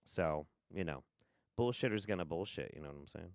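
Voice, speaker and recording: A man's voice: low-pitched, expressive, fairly quick, clean tone, no room sound. A man doing casual livestream commentary on clips, sarcastic and profane. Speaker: streamer reacting to clips. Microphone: studio mic.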